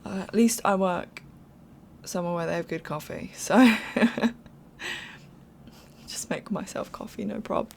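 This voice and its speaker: A young woman talks through a game build in loose, unscripted voiceover. Her voice sits on the low side with a gravelly fry, and she rambles, apologizes and laughs her way through. A faint hum sits under her voice. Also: a little slow, pauses often, a little mellow. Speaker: game speed-build creator. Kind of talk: casual voiceover commentary.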